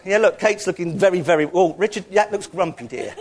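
High-voiced, playful church speaker. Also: male voice, brisk, a crowd in the background. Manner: playful, joking, calls out loudly to the room. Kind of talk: interactive sermon with the congregation.

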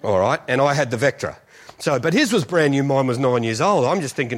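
A man's voice: mid-range voice, lively intonation, fast talker, a bit bright. A male pastor preaching a sermon as a comic, self-mocking story, often laughing through his lines.

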